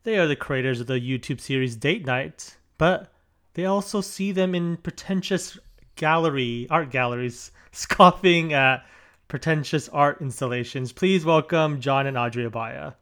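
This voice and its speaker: A man hosting a casual podcast, upbeat and quick to laugh. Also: on the high side, a bit bright. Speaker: podcast host.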